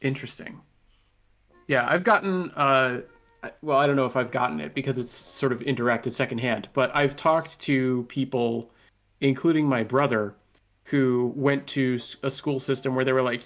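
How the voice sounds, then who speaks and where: A man talking as a podcast guest in casual chat, working through his ideas out loud at length. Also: mid-range voice, normal speed. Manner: thoughtful, reasons out loud in long chains.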